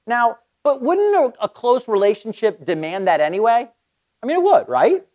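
Lively, enthusiastic Bible teacher. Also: mid-range voice, normal speed. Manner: enthusiastic, conversational, with frequent restarts. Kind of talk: casual Bible study teaching.

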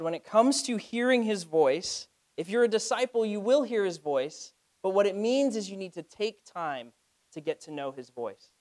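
A young adult man from the United States preaching a sermon, telling stories and rising to loud emphatic cries. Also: high-pitched. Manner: storytelling preacher, rises to loud cries in anecdotes. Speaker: pastor.

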